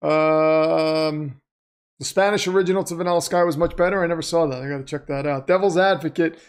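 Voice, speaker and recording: A man's voice: a little high, fairly even intonation, fairly quick, smooth. A man hosting a live stream, chatting casually, reading out viewer comments and calling plays as they happen. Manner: chatty, reads viewer comments aloud, muses off-topic. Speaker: livestream host reacting to a football game.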